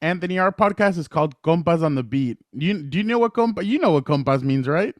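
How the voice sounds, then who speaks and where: A man's voice: fairly high pitch, animated, a little fast, dry recording, clean studio sound. A man co-hosting a podcast, asking rambling, friendly questions in a casual interview. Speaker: podcast co-host.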